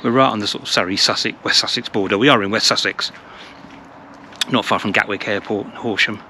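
Speaking a little fast in a lowish, steady, sharp-toned voice, a travel vlogger from England narrates his casual walk through a village. He chats and rambles, repeating words, and the outdoor recording carries clear traffic noise.

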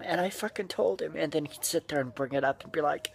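A man delivering an angry, profane rant straight to his online critics, often breaking into shouts. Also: on the high side, fast talker, vocal fry, hardly any pauses, breathy edge. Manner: profane, furious, shouting bursts. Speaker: vlogger. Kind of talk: angry ranting monologue.

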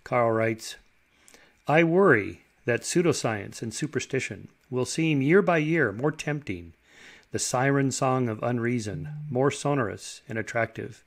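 Measured older male lecturer. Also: mid-range voice, expressive. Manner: measured, explanatory, lists figures.

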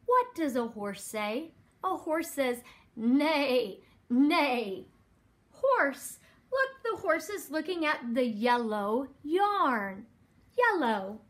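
Female developmental therapist at home, reading to a toddler; high, slow, very animated delivery. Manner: slow, exaggerated, prompting questions. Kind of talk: reading a picture book aloud to a toddler.

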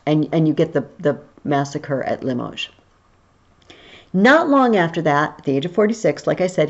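Woman, history teacher, chatty video-lesson delivery, slightly low voice, muffled lo-fi recording. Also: a little mellow. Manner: chatty, explaining aloud.

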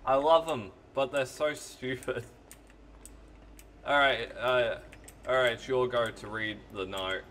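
A man's voice: mid-range voice, takes it slowly, long pauses, a bit bright, slight background noise. A man hosting a let's play, chatting casually while gaming, rambling, joking and swearing.

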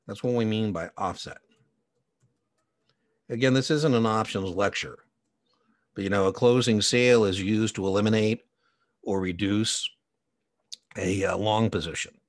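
A middle-aged man gives a relaxed exam prep lecture, drifting into anecdotes and side remarks as he goes. His voice sits on the lower side. The sound is dry and close, with no room around it. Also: unhurried, pauses often, no echo. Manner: chatty, digressive, with personal anecdotes and asides. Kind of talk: conversational recorded lecture.

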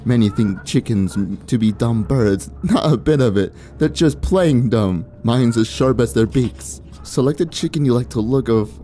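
A man voicing a cryptic, sly old female witch in game dialogue, speaking in a hushed, measured, teasing way. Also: mid-range voice, a little hiss or hum, close to an everyday voice. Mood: wry.

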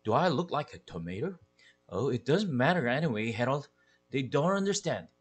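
A sardonic, moody house cat, as a man reads him aloud, dripping scorn and heavy sighs of exasperation. The voice is husky with a Korean accent, and the pitch rises and falls in lively swings. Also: moderate pace, soft background music. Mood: exasperated.

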